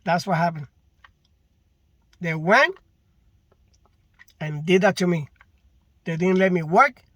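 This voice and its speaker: A man with a very high, bright voice rants slowly about his work in a casual vlog. He is frustrated and repeats his points for emphasis. The recording is dry and close. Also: no echo. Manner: frustrated, repetitive, emphatic complaining. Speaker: delivery driver.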